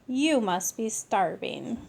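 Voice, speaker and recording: A woman's voice: mid-range voice, big pitch swings, slow pace, gravelly, a little hiss or hum, full character voice. A woman voicing a motherly cat mama who is fond but firm, in a storybook read-aloud. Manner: gently scolding.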